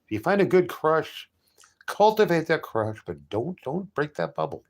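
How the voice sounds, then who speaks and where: A middle-aged male streamer rambles casually with viewers, telling jokey stories full of restarts and self-corrections. His voice is fairly high with big pitch swings, at a normal speed.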